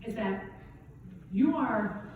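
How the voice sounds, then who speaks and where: Slow and expressive, a middle-aged woman golf coach with a somewhat high voice gives a casual motivational keynote, often checking in with "right?". The setting is an event hall at a golf championship, heard through a distant, dull mic in a very echoey room with slight background noise.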